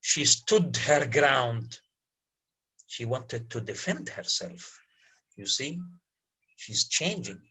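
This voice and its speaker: Guy teaching a lit class, slow and kinda husky, keeps asking if u follow. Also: mid-range voice, very animated, bright, forceful tone, poor audio. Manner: repeats key words, checks understanding with the class. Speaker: lecturer. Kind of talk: university literature lecture.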